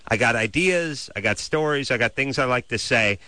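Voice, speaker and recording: Nasal radio host guy, talks a lot, deadpan, bright voice bouncing around. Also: mid-range voice, moderate pace, dry recording. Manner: wordy, argumentative, deadpan. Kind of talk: late-night call-in radio banter. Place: radio studio. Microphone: studio mic.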